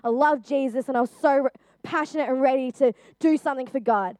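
A young woman shares a personal testimony in an earnest, chatty way, with lots of "um" and "like." Her voice sits slightly high. The sound is close and dry, with no room echo. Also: fairly quick, darkish tone. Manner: earnest, chatty, with frequent fillers. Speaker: youth speaker.

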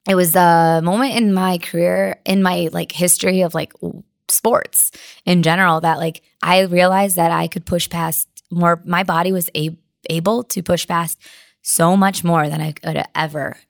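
A woman's voice: on the low side, steady tone, moderate pace, creaky, no room sound, clean studio sound. A young woman athlete being interviewed, telling her story with many "like" fillers, near tears and laughing through it. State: crying. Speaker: weightlifter guest.

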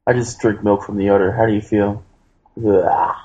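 A brash man who swears freely, co-hosting a comedy podcast. His low, dark voice comes through a dull, muffled mic. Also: flat delivery, moderate pace. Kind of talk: casual comedy podcast chat.

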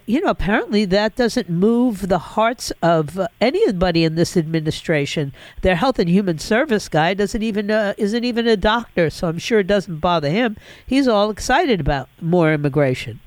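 A woman hosting a political talk radio show, speaking emphatically and indignantly, with many fillers and halting restarts. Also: fairly low pitch, darkish tone, dry recording. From Florida.

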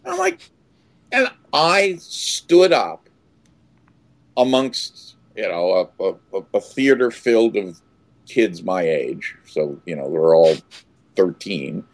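An older man tells a story as an interview guest, his lowish voice swinging widely in pitch as he stumbles through restarts. He breaks into loud, acted exclamations now and then. The recording is dry and close. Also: wildly swooping pitch, slow pace, no room sound.

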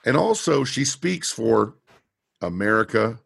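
Low gravelly guy recapping a tv episode, husky, dry close sound. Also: measured pace, no room sound. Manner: animated retelling with quoted lines and laughs. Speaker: podcast co-host. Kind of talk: casual chat recapping a TV episode.

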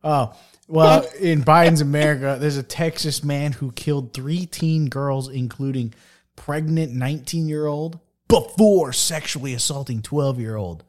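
A man's voice: a little high, measured pace. A man swearing heavily while telling stories and reading news in casual podcast banter. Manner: profane storyteller, trails off quietly.

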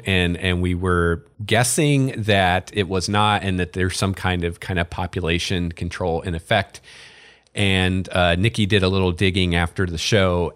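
A man hosting a podcast in a relaxed, chatty way, with casual fillers and dry sarcasm. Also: deep voice, clean tone, no echo. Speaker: podcast host. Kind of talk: casual chat.

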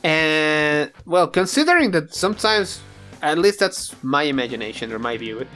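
Host, 30s, bright and forceful, animated topic-driver, faint guitar bed. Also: medium pitch, normal speed. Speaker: podcast host. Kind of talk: casual chat.

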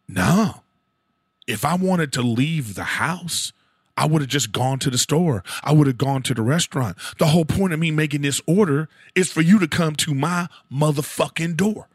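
A man telling a profane, animated story as a podcast host, acting out the voices of the people he quotes. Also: fairly high pitch, no echo, clean studio sound. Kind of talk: casual storytelling rant.

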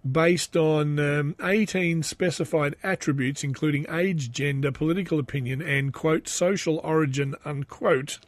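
A middle-aged Australian man rambles through a casual podcast monologue, slightly higher-voiced than most men. He sounds sardonic and chatty, drifting into asides. The sound is dry and close, with no room at all. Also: measured pace, few pauses, no echo. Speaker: podcast host.

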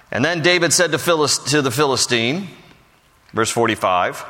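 A man's voice: medium pitch, lively intonation, normal speed, bright, forceful tone, long reverb tail. A man preaching a Bible study sermon in a conversational way, with frequent fillers and restarts. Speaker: pastor.

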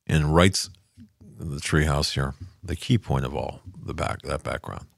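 An older man with a very low, gravelly voice talks in a loose, rambling monologue. He drifts off his point and circles back to it. The sound is dry and close, with no room around it. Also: a little slow, no room sound. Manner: rambling, loses his thread and restarts. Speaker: political commentary host. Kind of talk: casual monologue commentary. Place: home office studio.

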